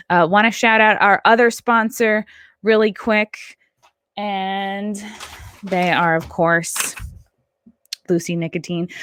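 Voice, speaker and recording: A woman comedian hosts her own podcast, talking casually and poking fun at her own slip-ups. She sounds a touch out of breath, at an average pitch for a woman. The sound is dry and close, with no room around her. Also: fairly bright tone, dry recording. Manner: chatty, self-mocking, laughs at own slips. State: a bit out of breath. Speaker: podcast host and stand-up comedian. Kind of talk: casual chat, reading ads.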